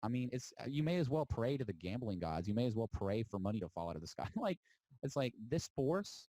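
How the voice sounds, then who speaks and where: A low-voiced man holds forth in a defiant, preachy monologue, mocking his listeners and stretching words out for emphasis. The recording is dry and close, with no room around him. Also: fast talker, dark tone, dry recording, poor audio. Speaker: spiritual podcast host. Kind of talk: impassioned monologue.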